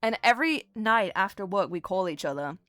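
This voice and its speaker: A woman's voice: mid-range voice, expressive, fairly quick, fairly bright tone, dry recording, faint music behind. A woman streamer chatting casually with her viewers, rambling and giggly as she drifts into tangents. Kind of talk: casual livestream chat with viewers.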